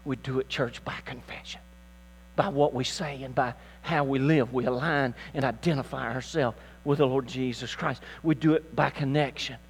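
A man's voice: medium pitch, steady tone, normal speed, a little hiss or hum. An older man preaching a sermon as pastor, building to emphatic, rising calls to his church.

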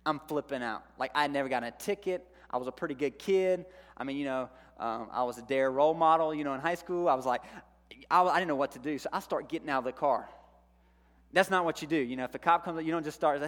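Animated preacher in a reverberant church. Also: male voice, mid-range voice, quick pace. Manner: animated storyteller, acts out his own panic. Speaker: youth pastor. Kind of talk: sermon with personal story. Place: church sanctuary. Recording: long hall reverb.

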